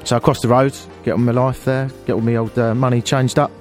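A man's voice: mid-range voice, flat delivery, quick pace, a little mellow, soft background music. A man telling an exasperated, self-deprecating story on air as a radio host.

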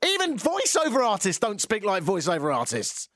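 A man hosting a radio talk show, reading listener texts with wry, animated commentary. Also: high voice, moderate pace, dry recording. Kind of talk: casual radio call-in chat.

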